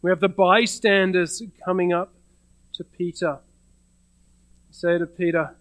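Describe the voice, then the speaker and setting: Male pastor, sermon, high-ish voice, conversational storytelling with restarts. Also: little pitch movement, a little slow, pauses often, fairly bright tone, no room sound, poor audio.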